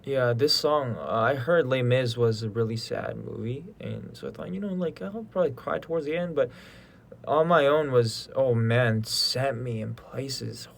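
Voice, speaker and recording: A man's voice: mid-range voice, normal speed, vocal fry. Chatty young man on a livestream. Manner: chatty and easygoing, thinking aloud. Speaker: idol livestream host. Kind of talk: casual livestream chat between songs.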